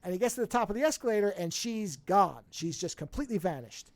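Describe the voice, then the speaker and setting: A podcast co-host in casual chat, retelling a film at length with quick asides. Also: mid-range voice, lively intonation, darkish tone, no echo.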